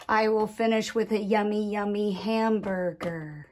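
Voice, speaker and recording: A woman teaching young children in a sing-song voice, drawing out each word slowly and clearly. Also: medium pitch, steady tone, darkish tone, a little hiss or hum. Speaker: primary school teacher. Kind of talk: children's lesson.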